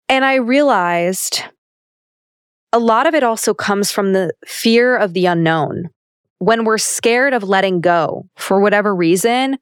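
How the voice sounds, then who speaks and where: Smooth-voiced young woman, emphatic and profane. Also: mid-range voice, dry recording, studio quality. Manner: candid, emphatic, swears freely. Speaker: podcast host. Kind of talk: motivational self-help monologue.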